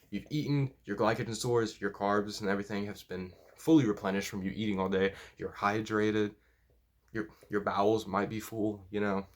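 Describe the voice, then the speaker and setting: Guy coaching powerlifting, kinda low voice, blunt and swears a lot, animated. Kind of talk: casual talking-head advice.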